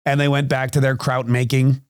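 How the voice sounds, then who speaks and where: A man's voice: medium pitch, flat delivery, a little fast, clear, resonant tone, no room sound, studio quality. A man hosting a podcast, telling a story in a rambling, sarcastic comic monologue. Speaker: podcast host.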